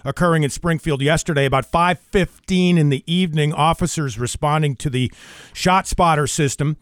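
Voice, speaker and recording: A man reading local news on a morning radio show in a brisk, matter-of-fact way on a studio microphone. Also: on the high side, no room sound. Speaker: radio newsreader.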